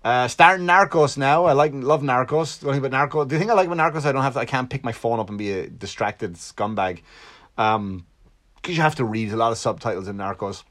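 A man's voice: medium pitch, fast, fairly bright tone. An Irish man hosting his own podcast, rambling casually with profanity and self-mocking jokes. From Ireland. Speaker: podcast host. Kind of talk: casual solo podcast monologue, comedic. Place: Long Island home.

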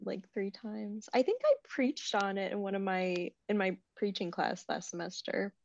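A woman in her twenties in casual, reflective conversation, soft-spoken and quick to laugh. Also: mid-range voice, gravelly, dry recording. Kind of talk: casual chat. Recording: dry, slightly dull sound.

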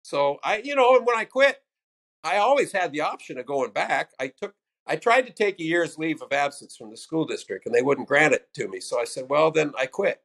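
An older man, a stand-up comic, spins casual stories from the road. His voice sits a little high for a man. He drops in profanity and punches up the voices of people he quotes. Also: a little fast, vocal fry. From United States. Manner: loose, profane anecdotes with animated quoted voices. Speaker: stand-up comedian, guest. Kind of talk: casual storytelling interview.

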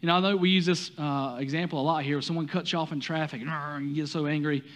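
A man's voice: on the high side, steady tone, fast talker, fairly bright tone. A man with a Southern US accent preaching a sermon, talking to the congregation with many rhetorical questions and some stumbles. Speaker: pastor.

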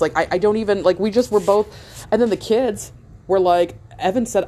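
A woman's voice: medium pitch, fast. A woman in her thirties telling a long story in a casual, rambling way, swearing often and stopping to restart her thoughts. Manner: rambling, profane, animated retelling with many fillers.

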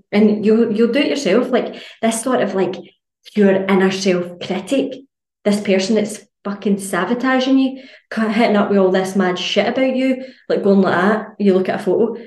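A woman's voice: mid-range voice, normal speed. Sweary Scottish woman coach, roomy echo. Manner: blunt, sweary, animated storytelling. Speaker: health and fitness coach. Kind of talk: casual podcast monologue.

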